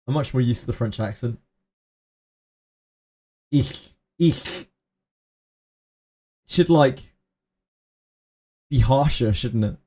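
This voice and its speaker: A man's voice: medium pitch, normal speed, pauses often, mellow. A middle-aged man streaming a video game, joking crudely and repeating phrases as he muses to himself. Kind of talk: casual live-stream commentary.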